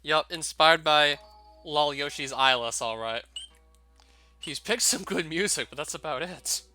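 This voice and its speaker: A man's voice: fairly high pitch, a little slow, sharp tone, soft background music. A young man giving casual, wry gameplay commentary, often laughing and reading on-screen text aloud. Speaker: let's play commentator.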